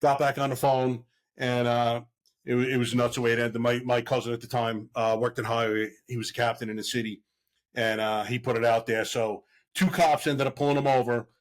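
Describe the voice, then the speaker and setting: A middle-aged man with a voice of ordinary pitch, talking casually as a podcast guest. He is a longtime police officer who tells his stories with energy and jumps into the voices of the people he is quoting. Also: a little fast. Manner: animated storyteller who acts out quoted voices. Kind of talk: casual storytelling.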